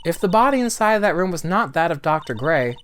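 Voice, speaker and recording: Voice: mid-range voice, sing-song, brisk, a bit bright, pitched above the performer's own voice. A player voicing an arrogant, ruthless older male prosecutor in a let's-play, reading the lines in a haughty, theatrical way. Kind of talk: game dialogue read aloud in a let's-play.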